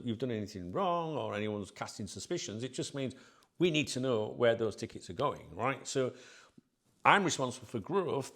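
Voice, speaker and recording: A man talking casually in an interview, rambling with lots of fillers and "right?" tag questions. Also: mid-range voice. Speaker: football club staff member, interview guest.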